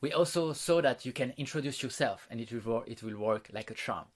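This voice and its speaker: A man's voice: mid-range voice, fairly quick. A man coaching an online course on social skills. He explains patiently, guiding listeners through exercises and demonstrations. His talk is loose and unscripted, full of fillers and restarts.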